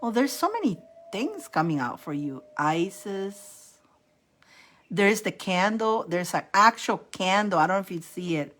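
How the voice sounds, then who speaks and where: A woman hosting a casual live-stream spiritual reading. She is chatty and animated, repeats herself and laughs often. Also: mid-range voice, a little slow. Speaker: host giving psychic readings.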